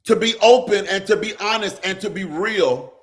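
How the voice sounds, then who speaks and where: A man's voice: high voice, normal speed. A man preaching on a live stream, speaking straight to viewers, with constant "come on" calls and lines that slip into song. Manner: call-and-response preaching, repeats "come on", slips into sung lines. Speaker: pastor hosting a live stream. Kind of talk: preaching, talking to viewers in the comments.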